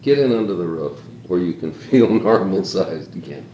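A man's voice: deep voice, lively intonation, moderate pace, mellow, dull audio. A man leading an informal talk to a small group, reflective and rambling, stacking up repeated calls to "consider" as he goes. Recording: echoey room with faint hiss.

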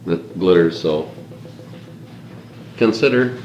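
Deep-voiced guy rambling thoughtfully to a group, keeps saying consider, echoey room w/ a little hiss. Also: slow, a little mellow, highs cut off, soft background music. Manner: reflective, rambling, repeats "consider" for emphasis. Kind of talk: informal talk to a small group.

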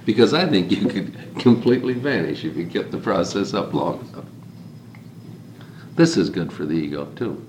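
Speaking at a moderate pace in a low, slightly mellow, animated voice, a man guides a casual discussion with a small group. His delivery wanders reflectively as he keeps urging listeners to "consider" one thing after another. Faint hiss and room echo color the recording.

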